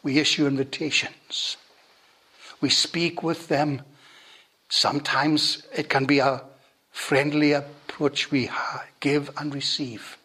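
A man preaching a sermon and leading a prayer, slow and deliberate, often dropping to a hush at the ends of phrases. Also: a little high, husky. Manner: slow, deliberate preaching that drops to hushed endings.

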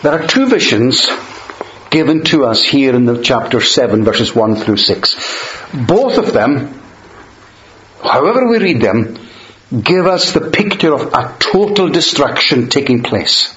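A man preaching a sermon, measured and emphatic, slowing down on quoted verses. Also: medium pitch, big pitch swings, fairly bright tone, slight background noise. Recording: dull lo-fi sound in a roomy space.

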